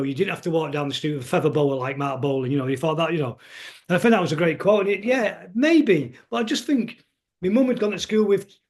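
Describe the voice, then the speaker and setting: A middle-aged man with a Manchester accent chats as a guest on a podcast. He speaks quickly in a slightly high voice, wandering from story to story and often stopping to restart a thought. His talk is loose and conversational. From England. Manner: rambling, anecdotal, restarts often. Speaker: guest musician. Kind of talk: casual conversation.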